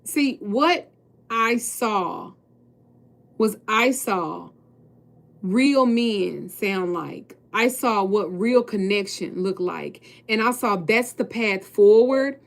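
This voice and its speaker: A woman's voice: mid-range voice, animated, takes it slowly, creaky. A woman tarot reader and spiritual coach speaking casually and bluntly to her viewers, preaching and swearing freely.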